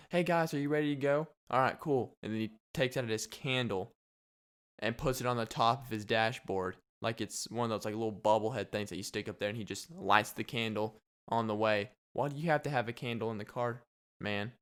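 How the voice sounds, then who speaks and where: Smooth-voiced young man joking around. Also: lowish voice, normal speed, a bit bright. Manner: rambling, joking, laughs often. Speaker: podcast host. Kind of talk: casual solo podcast monologue.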